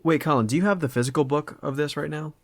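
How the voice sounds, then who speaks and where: A man's voice: on the high side, fast. A man co-hosting a casual podcast, making dry, wry remarks. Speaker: podcast co-host.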